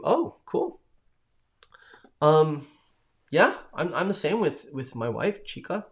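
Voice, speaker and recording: A man's voice: a little high, big pitch swings, unhurried, pauses often. A man hosting a live stream in a casual, rambling chat, reading out viewer comments and answering them with enthusiasm.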